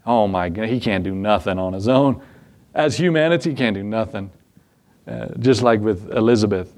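A man's voice: on the low side, expressive, moderate pace, a little mellow. A man pastor giving conversational Bible teaching in a folksy way, often asking his listeners rhetorical questions.

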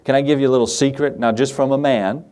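A man's voice: mid-range voice, fairly even intonation, fast, darkish tone. A middle-aged man, a pastor, preaching a sermon in a folksy, conversational way with chuckling asides.

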